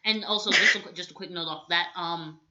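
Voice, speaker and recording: A woman co-hosting a casual pop-culture review podcast, talking in an animated, emphatic way with sassy asides. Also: on the low side, fairly quick, dull audio. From United States, child of Jamaican immigrants. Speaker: podcast co-host.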